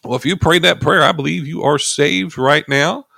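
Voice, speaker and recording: A man's voice: on the high side, normal speed, gravelly, bright, forceful tone, dry recording, studio quality. A man preaching a sermon, reading scripture aloud and leading his listeners in prayer.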